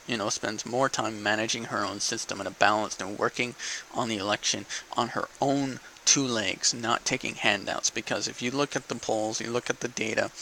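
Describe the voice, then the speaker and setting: Gravelly young man ranting profanely. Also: on the low side, bright, forceful tone, rough recording. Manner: ranting, profane, keeps asking okay. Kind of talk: casual political rant to camera. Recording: faint background noise.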